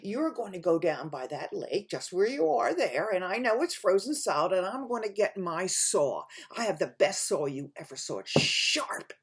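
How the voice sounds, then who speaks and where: A woman's voice: mid-range voice, sing-song, breathy edge. A woman voicing a sly male fox trickster in a children's story, chuckling and wheedling as he talks. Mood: scheming. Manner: chuckling, wheedling and fast-talking.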